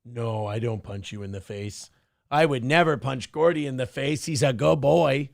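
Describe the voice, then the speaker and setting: A male show host chatting casually, rambling and swearing as he talks. His voice sits at a middle pitch and sounds dry and close to the mic. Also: moderate pace, gravelly, dry recording. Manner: rambling, profane, joking. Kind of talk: casual livestream chat. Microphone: headphones on, desk mic.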